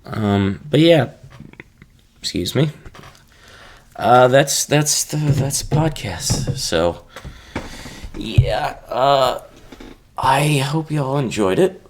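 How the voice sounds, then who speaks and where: A man's voice: mid-range voice, lively intonation, drawn-out words, long pauses. A man hosting a casual solo podcast, rambling in a laid-back, unsure way as he answers questions about his ASMR videos.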